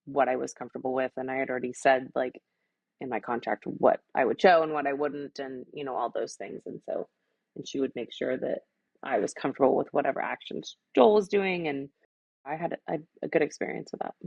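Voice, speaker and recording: A woman in her thirties with a very low, gravelly voice, recorded dry and close as a podcast guest. She tells stories in a loose, chatty way full of "like" and "you know." Her tone is friendly and conversational. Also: brisk, no room sound, dull audio. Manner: chatty, filler-heavy, warm storytelling. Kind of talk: casual interview chat.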